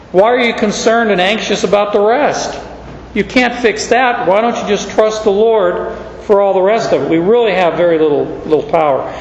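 A man with a fairly high voice preaches a relaxed, folksy sermon full of homey asides, stopping and restarting his sentences as he goes. His voice rings through a large, echoey hall with a long tail of reverb. The sound is a little dull. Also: slight background noise. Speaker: pastor. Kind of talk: conversational sermon.

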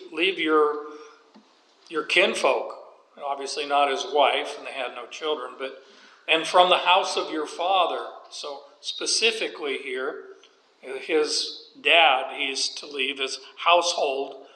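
A man's voice: fairly high pitch, pushed and bright. A man preaching a sermon, walking through scripture with folksy, joking asides. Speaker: pastor. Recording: echoey hall with long reverb.

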